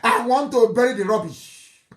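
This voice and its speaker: A man's voice: extremely high pitch, lively intonation, moderate pace. A middle-aged man with a Nigerian accent giving a fiery live broadcast speech, mocking and scornful, often breaking into laughter. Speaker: political broadcaster.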